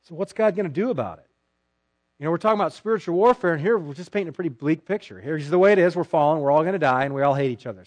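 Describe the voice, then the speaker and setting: A man preaching a sermon as pastor, sarcastic and animated, acting out mock quotes from people he disagrees with. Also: on the high side, rapid-fire, dry recording.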